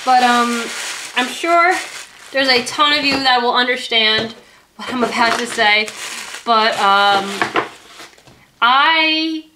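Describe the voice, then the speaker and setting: A young woman vlogging as she opens a gift, gushing with repeated excited exclamations. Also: fairly high pitch, slow, pauses often, noisy background. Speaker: YouTuber opening a gift. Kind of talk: casual vlog unboxing.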